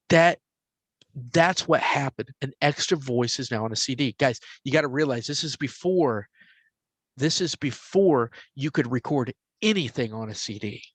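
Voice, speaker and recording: Guy in his 40s telling a creepy story, middle pitched, dry close sound, whispers the quotes. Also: no echo. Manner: animated retelling with hushed quoted whispers. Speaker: podcast host telling a story. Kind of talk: casual storytelling.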